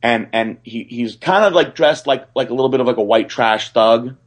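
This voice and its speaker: A man's voice: mid-range voice, normal speed. Rambling young man telling a story. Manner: rambling, many fillers and restarts, excited. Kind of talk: casual storytelling.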